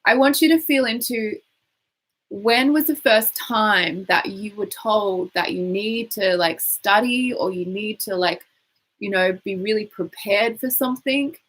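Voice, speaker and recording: A woman guiding a tapping session, calmly giving instructions and phrases for the listener to repeat aloud. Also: mid-range voice, a little slow, low-quality recording. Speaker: tapping coach.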